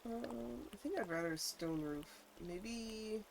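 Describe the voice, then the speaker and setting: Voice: medium pitch, measured pace, a little hiss or hum. A congested live-streamer chatting casually while building, playful and prone to sing-song nonsense humming and mock-formal phrasing. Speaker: livestreamer.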